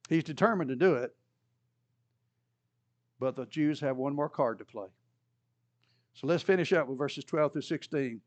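Lively conversational male Bible teacher. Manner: conversational, acts out quoted voices with rising pitch. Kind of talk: Bible study lesson.

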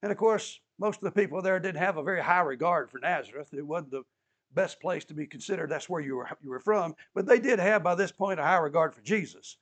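A man's voice: a little high, fairly quick, a bit bright. A man preaching a sermon as an emphatic storyteller who repeats key phrases and adds touches of humor.

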